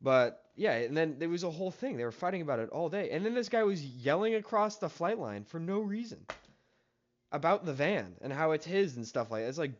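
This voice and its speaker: A man's voice: fairly high pitch, expressive, brisk, lo-fi sound. A young man telling a casual story about a coworker in a rambling, exasperated way, with plenty of swearing. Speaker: story-time vlogger.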